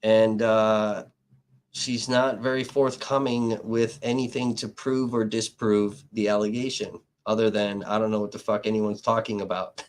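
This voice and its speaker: A male livestream host tells a story in loose, swearing-heavy speech that keeps heating up. His pitch sits in the ordinary middle range for a man. He reads as an independent reporter venting at his audience and laughs now and then between points. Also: slight background noise. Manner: profane, heated retelling of a dispute.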